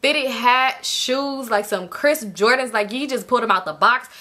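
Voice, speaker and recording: A young woman spins a casual storytime straight to her viewers, slangy and animated. Her voice sits a little high and rings with a bright, forceful edge. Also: normal speed. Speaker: storytime vlogger.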